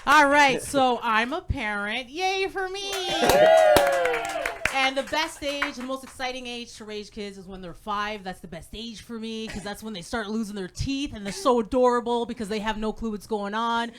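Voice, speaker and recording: A woman doing a stand-up comedy set on stage, animated, acting out her kids in loud voices. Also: fairly high pitch, normal speed, hardly any pauses, noisy background. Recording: live room with crowd audible.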